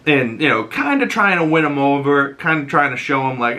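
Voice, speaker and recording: A male podcast host giving a rambling, profane, excitable recap of a TV episode. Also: a little high, fairly quick. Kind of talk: casual episode recap and reaction.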